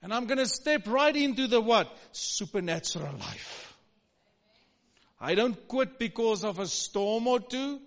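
A man's voice: very high voice, animated, a little slow, fairly bright tone. A middle-aged male pastor preaching a sermon with emphatic call-and-response, urging the congregation to answer. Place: church hall. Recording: dull recording with long hall reverb.

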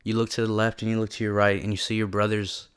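Earnest young man, low flat voice. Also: fast, smooth. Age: young adult. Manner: casual and slangy, heavy use of "like", earnest and emotional. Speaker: storyteller. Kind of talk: personal reflective monologue.

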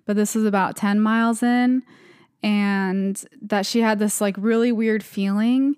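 A young woman co-hosts a podcast, casually retelling creepy stories in a rambling way packed with "like" fillers. Her mid-range voice has a steady, darkish, smooth tone at a measured pace. The recording is dry and studio quality.

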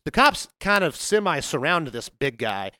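A man's voice: a little high, big pitch swings, moderate pace, pushed and bright, no room sound, clean studio sound. A man telling a story in casual chat, acting out the quotes and laughing often.

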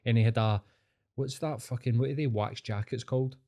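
A man's voice: medium pitch, brisk, dark tone. A man with a Scottish accent chatting casually and swearing freely, telling long rambling stories. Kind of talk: casual chat.

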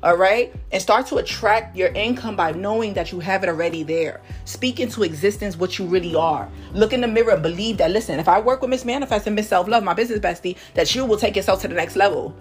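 Woman from harlem doing a motivational podcast, fast and rambly, a bit out of breath, keeps saying "right?", faint music behind. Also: medium pitch. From Harlem, New York. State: out of breath while cleaning house. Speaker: podcast host, manifestation coach. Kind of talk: casual motivational monologue.

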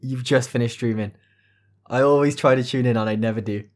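A man co-hosting a podcast, chatting casually with quick, joking asides. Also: medium pitch, fairly even intonation. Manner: quick-witted, laughing asides. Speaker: podcast co-host. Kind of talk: casual chat.

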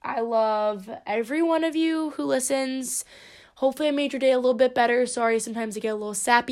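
A woman's voice: high voice, fast. A young woman hosting her own podcast, talking in a rambling, playful and profane way. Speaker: podcast host. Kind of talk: casual solo podcast monologue.

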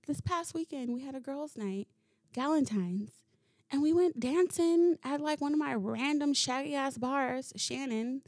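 A woman hosting a solo podcast, telling stories in a casual, animated way, swearing freely and laughing as she goes. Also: sits high, unhurried, no echo, clean studio sound. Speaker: podcast host. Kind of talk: casual solo storytelling monologue.

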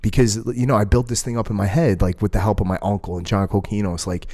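A jiu-jitsu school owner co-hosting a casual podcast tells rambling stories at a quick pace in a lowish voice. His animated storytelling is full of swearing and restarts.

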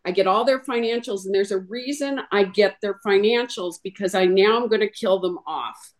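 A woman explaining her sales method in an animated way, acting out both sides of a client talk. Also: mid-range voice, normal speed. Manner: animated, acts out clients' lines in a role-play. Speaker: insurance sales trainer. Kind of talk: instructional chat on a podcast.

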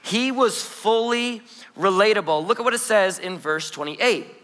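High, bright-voiced joking pastor. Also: male voice, unhurried. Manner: lively, joking, storytelling with playful asides. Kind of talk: energetic conversational sermon. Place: church auditorium. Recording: long hall reverb in a church.

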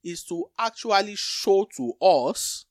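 A man's voice: high voice, expressive, slow pace, dry recording, studio quality. A man co-hosting a Bible teaching talk, explaining scripture with everyday comparisons.

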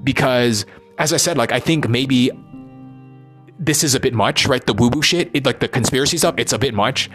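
A man rambles on in a loose monologue at a middle pitch. He keeps breaking off his sentences and starting over, tagging them with "right?" as he goes. Faint music plays underneath him. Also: moderate pace, fairly bright tone. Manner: rambling, restarts, frequent "right?". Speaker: musician and performer.

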